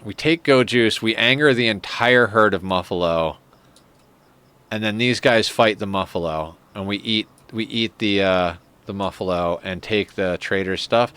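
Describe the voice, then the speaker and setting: A man's voice: fairly low pitch, moderate pace, a bit bright, clean tone. A man streaming a game live who rambles in casual, profane commentary, chuckling often as he talks into a desk microphone.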